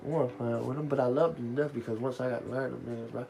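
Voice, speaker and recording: A man hosting a live radio show, telling stories in a profane, animated way and laughing as he goes. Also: medium pitch, rapid-fire, gravelly, a little hiss or hum. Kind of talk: casual storytelling rant.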